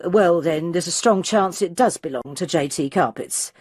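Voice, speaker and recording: A woman's voice: on the low side, normal speed, darkish tone, breathy edge, dry recording, studio quality. A woman voicing a cheeky, dismissive young female receptionist. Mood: insolent.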